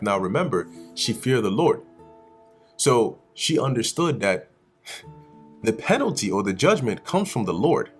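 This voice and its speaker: Animated man teaching from scripture. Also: medium pitch. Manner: animated, slangy, acts out characters. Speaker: Bible teacher. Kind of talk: casual Bible study commentary.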